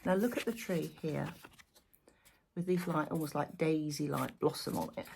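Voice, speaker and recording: A woman's voice: low voice, moderate pace, vocal fry, a little mellow, slight background noise. A woman giving a casual weekly tarot reading to camera, thinking aloud and chatting animatedly as she goes through the cards. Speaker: tarot reader.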